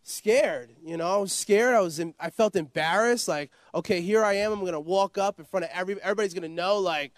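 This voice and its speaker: Speaking fairly quickly and hardly pausing, a man with a high voice shares a meandering personal story as an interview guest. He repeats himself and scatters "you know" and "like" everywhere, with no room sound.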